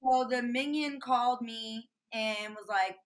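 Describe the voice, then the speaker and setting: A woman's voice: on the high side, unhurried. A woman guest in an interview, animatedly retelling a tense phone call in casual, profane talk. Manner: animated storyteller, swears freely.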